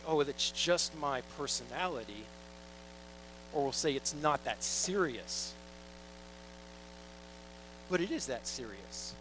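A man's voice: a little high, fairly bright tone, slight background noise, rough recording. A young man preaching a sermon in a casual, joking, storytelling way, reading scripture and acting out little quoted asides. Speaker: pastor.

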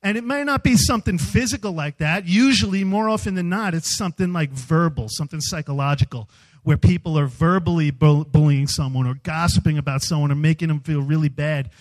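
A man speaking as a youth speaker, giving a humorous storytelling sermon in an animated, self-mocking way. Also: a little high, brisk, low-quality recording.

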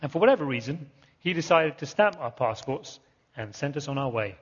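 A man's voice: a little high, animated, fairly quick, husky. A man preaching a sermon, telling stories in a conversational way and often repeating and restarting words. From England. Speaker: pastor. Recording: muffled sound with long hall reverb.

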